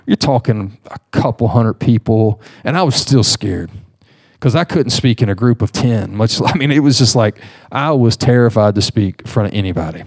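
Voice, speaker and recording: A man preaching a sermon, telling a personal story in an animated way, with laughs and restarts. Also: fairly low pitch, normal speed. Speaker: pastor.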